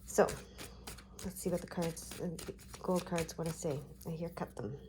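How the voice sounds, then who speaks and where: A woman giving a tarot card reading, talking gently and reassuringly with frequent check-ins to her viewers. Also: on the low side, steady tone, moderate pace, background noise. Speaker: tarot reader.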